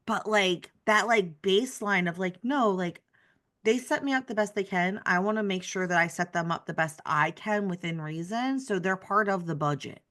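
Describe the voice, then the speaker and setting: A woman's voice: mid-range voice, normal speed, fairly bright tone. A woman hosting a podcast interview, enthusiastic and affirming, with frequent "like" fillers as she talks through ideas. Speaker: podcast host. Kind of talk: candid conversational interview.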